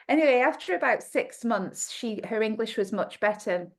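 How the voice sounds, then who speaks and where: A woman's voice: on the high side, normal speed. Middle-aged Australian woman telling a story. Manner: animated personal storytelling. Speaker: guest naturopath. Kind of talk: podcast interview storytelling.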